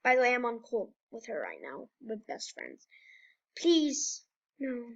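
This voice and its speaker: A young woman narrating her game in an excited vlog, squealing and breathless with excitement. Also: fairly high pitch, unhurried, vocal fry, muffled recording. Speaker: gamer. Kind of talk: excited gaming vlog commentary.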